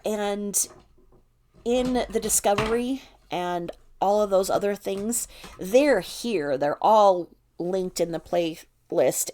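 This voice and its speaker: A woman hosting a casual true-crime live stream, reading viewer comments aloud and answering bluntly, sometimes swearing and dropping to a mutter. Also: a little mellow. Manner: often drops to a low mutter while reading the screen. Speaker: true-crime video host.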